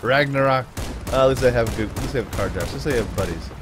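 A young man chatting through his own gameplay in an upbeat manner, breaking into whoops and yells when the fighting starts. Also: medium pitch, quick pace, background noise. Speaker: gaming YouTuber. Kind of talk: let's play commentary.

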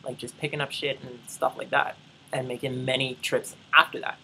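This young Bahamian vlogger rambles through a chatty travel story, speaking straight to viewers and calling them y'all amid plenty of asides. Her mid-range voice is flat in delivery at a moderate pace, with vocal fry and a bright, forceful edge. The low-quality recording carries a little hiss or hum.

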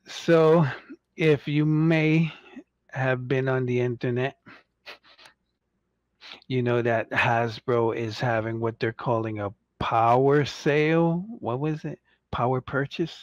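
A man hosting a casual toy-collecting livestream, rambling and joking, and mocking impatient fans in squeaky put-on voices. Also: fairly even intonation, takes it slowly, no room sound, highs cut off. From United States.

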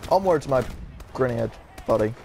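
Wry, chatty young man with lively pitch. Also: moderate pace, vocal fry. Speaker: gameplay commentator. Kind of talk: casual gameplay commentary.

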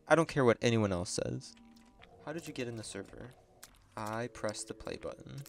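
Man, gaming commentary, chatty, excitable, very animated pitch. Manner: excitable, chatty, laughs often. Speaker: gaming video creator. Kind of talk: casual gameplay commentary.

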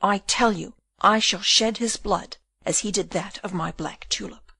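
A woman's voice: medium pitch, a little slow, gravelly, bright, forceful tone, slightly rough, no room sound, heavily acted. A woman voicing a desperate young male prisoner in an audiobook, pleading and raging by turns.

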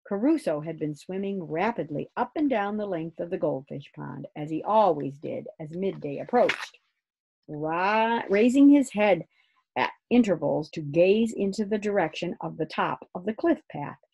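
A woman reading a children's book aloud in an expressive storytelling voice. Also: on the low side, normal speed, gravelly, husky.

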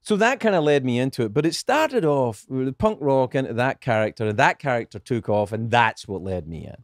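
A middle-aged man with a Scottish accent talks through his past with animated, swinging intonation. He swears casually and often stops to restart a sentence. The sound is dry and close to the mic. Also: medium pitch, fairly quick, no room sound. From Scotland. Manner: animated storytelling, profane, frequent restarts. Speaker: guest comedian. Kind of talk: casual podcast chat.

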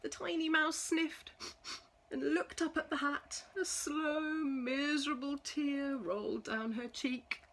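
A woman reading a children's storybook aloud, slow and expressive. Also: high voice. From England.

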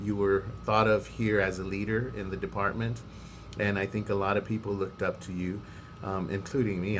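A man's voice: low voice, background noise. A man recording a farewell message to a retiring coworker, hesitant with frequent ums. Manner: warm, hesitant, many ums.

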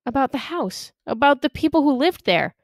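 Woman doing a scared teenage boy, high pleading voice, stammering, dry close sound. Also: sing-song, moderate pace, no echo. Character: panicked American teenage boy.

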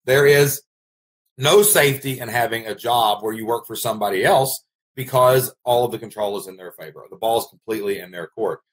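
Speaking fairly quickly with a lower-pitched voice, this Kentucky-accented host runs a laid-back vlog. He's an online business coach from Kentucky, United States, whose folksy, emphatic delivery keeps circling back to the same phrases.

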